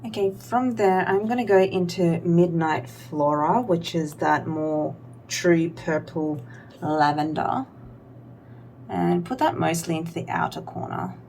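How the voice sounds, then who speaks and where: A young woman with a lowish, gravelly voice chats through her makeup routine in a loose, rambling way, full of "like" and small self-mocking asides. A faint hum sits under the recording. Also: measured pace, darkish tone. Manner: rambling, filler-heavy, self-deprecating. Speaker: beauty vlogger. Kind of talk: casual makeup tutorial chat.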